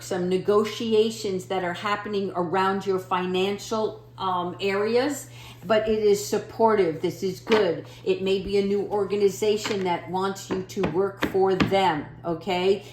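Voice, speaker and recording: A woman's voice: mid-range voice, roomy sound, slight background noise. A woman giving a casual, encouraging tarot reading to her viewers, often checking in with "okay?". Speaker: tarot reader.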